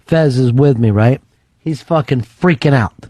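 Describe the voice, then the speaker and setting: A man hosting a talk radio show, telling a story in casual, profane, excitable chat. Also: medium pitch, a little slow, dry recording. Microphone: studio mic.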